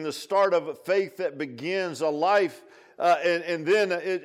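Male pastor with a high voice, delivering an impassioned sermon. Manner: impassioned, repetitive, rising to near shouts.

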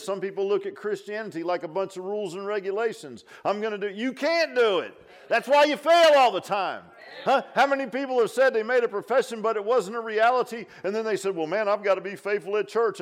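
A male pastor preaching an impassioned sermon, repeating phrases and rising to near shouts. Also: high voice.

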